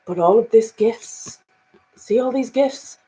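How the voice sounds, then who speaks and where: A woman giving a spiritual oracle card reading, earnest, full of "you know" fillers, moving between hushed passages and emphatic ones. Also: fairly high pitch, slow pace, low-quality recording.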